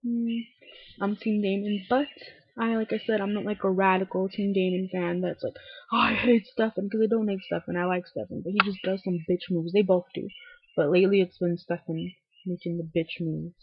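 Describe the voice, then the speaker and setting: A young woman recapping a TV episode in casual chat, full of "like"s and swearing, feeling a little low. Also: level tone, normal speed, slightly rough, no echo. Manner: talkative, many "like"s, swears freely, acts out lines in quotes. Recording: dull lo-fi webcam audio.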